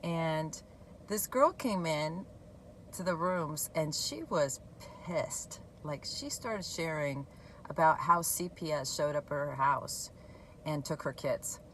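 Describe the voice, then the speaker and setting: A woman talking candidly and conversationally about her own recovery, sharing a personal story in a relaxed way. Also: sits low, slow, slight background noise, poor audio. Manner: candid, conversational, laughs at herself. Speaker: recovery blogger. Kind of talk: personal testimony talk.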